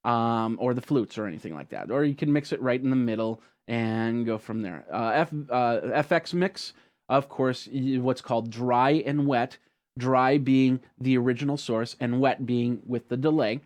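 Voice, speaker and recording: Man, tech tutorial host, mid-pitched voice, loose rambling delivery, lots of fillers. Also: darkish tone. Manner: casual, rambling, frequent ums and restarts. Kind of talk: screen-recorded software tutorial.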